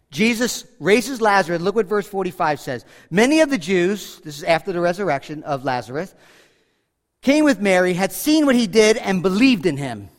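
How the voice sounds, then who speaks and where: A pastor preaching a sermon, talking casually with asides and humor as he walks through a passage. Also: high-pitched. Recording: hall reverb.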